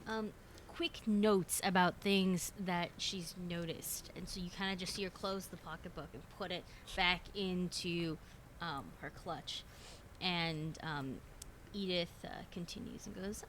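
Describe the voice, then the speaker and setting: A woman's voice: lowish voice, steady tone, a little slow, fairly bright tone, slight background noise. A woman player in a tabletop role-play game, chatty, describing what her character does.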